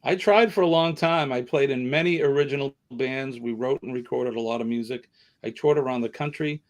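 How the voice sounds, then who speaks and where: A man's voice: medium pitch, fairly quick. A middle-aged man with a Boston accent, hosting a casual live chat in a rambling, self-deprecating way. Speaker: livestream host.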